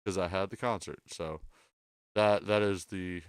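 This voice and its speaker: A man hosting a casual late-night podcast chat, tired and a little drunk, repeating himself and trailing off quietly. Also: sits low, steady tone, measured pace, clean tone, no echo, studio quality. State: sleep-deprived and tipsy. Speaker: podcast host.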